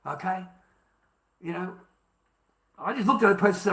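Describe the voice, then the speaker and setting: A man's voice: high voice, lively intonation, moderate pace, vocal fry, long pauses, sharp tone. A man with an Australian accent, ranting to his viewers with heavy swearing. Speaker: vlogger. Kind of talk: angry monologue to camera.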